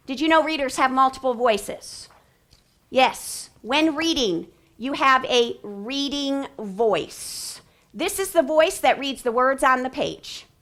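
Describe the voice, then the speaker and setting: Brief: woman literacy trainer, bright higher voice, animated delivery, playful voices and whispered asides. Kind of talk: teacher training talk.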